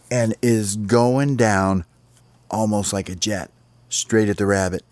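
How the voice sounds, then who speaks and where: A man with a lowish voice telling a lively bedtime story, throwing in sound effects and sighs. The sound is dry and close to the mic. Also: slow, dry recording.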